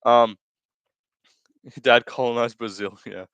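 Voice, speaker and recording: A man's voice: mid-range voice, fairly even intonation, takes it slowly, fairly bright tone, clear, resonant tone, dry recording, highs cut off. A young man hosting a live stream, reading chat aloud in casual commentary, rambling through crude jokes, laughing often and correcting himself. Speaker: livestream host.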